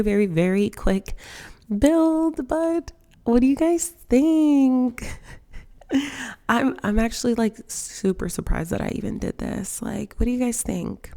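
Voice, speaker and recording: Young woman gamer vlogging, gravelly higher voice, chatty and unsure, lots of fillers. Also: dark tone. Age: 20s. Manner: chatty, self-conscious, filler-heavy with lots of "like". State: emotional, near tears. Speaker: Sims gaming vlogger. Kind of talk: casual voice-over commentary on a game build.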